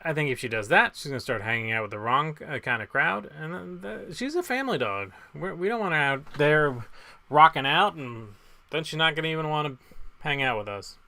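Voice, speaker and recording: A man running a casual online trivia night from his home webcam. His voice is bright and clear, with little room sound. He reads questions plainly, then wanders into rambling, jokey asides. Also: a little high, lively intonation, fairly quick, no room sound. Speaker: trivia quiz host. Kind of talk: casual live trivia hosting.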